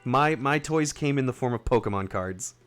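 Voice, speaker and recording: Man, 30s, casual teasing game-stream chat, laughs a lot, soft music behind. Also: medium pitch, animated, normal speed, clean tone.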